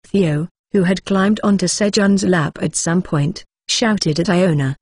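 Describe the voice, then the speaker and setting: A woman narrating a web novel audiobook in an even, steady reading tone. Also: fairly low pitch, unhurried, hardly any pauses, breathy edge, dry recording, studio quality.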